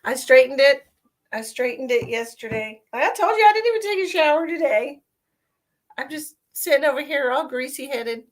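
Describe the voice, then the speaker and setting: A woman's voice: high-pitched, lively intonation, moderate pace. A middle-aged woman, chatting casually and rambling on a live stream as a psychic medium, giggly and affectionate with her viewers.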